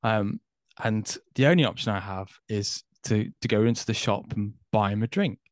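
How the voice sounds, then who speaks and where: A man's voice: on the low side, moderate pace, dry recording, clean studio sound. A man in his thirties talks reflectively about faith and generosity, hesitating often with fillers. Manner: thoughtful, hesitant, many fillers. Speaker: guest.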